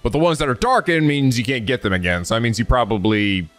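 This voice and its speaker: A man's voice: mid-range voice, fast, fairly bright tone, soft background music. A man hosting a let's play, chatting casually and thinking aloud as he plays, with sudden swearing outbursts. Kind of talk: casual gameplay commentary.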